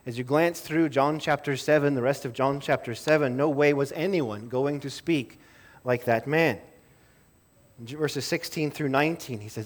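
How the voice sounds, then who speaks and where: This pastor's sermon to his congregation is conversational, full of self-interruptions, small laughs, and words repeated as he restarts an idea. He speaks at a moderate pace with a fairly high-pitched voice.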